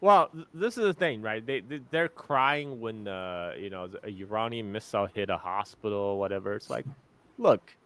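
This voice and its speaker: A man's voice: lowish voice, animated, moderate pace, fairly bright tone. A man speaking as a guest on a live-stream discussion. He is blunt and sarcastic, laughs often, and keeps repeating and restarting his words. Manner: frequent word repetitions and restarts. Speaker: guest commentator.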